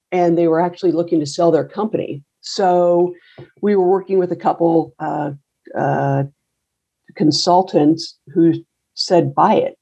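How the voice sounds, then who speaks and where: A middle-aged woman with a low, gravelly voice talks through her story in a loose, wry manner, often pausing on fillers and restarting. Her tone is dark and mellow, and the recording sounds a bit dull and lo-fi. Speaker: coffee roaster and business owner. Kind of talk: casual interview storytelling.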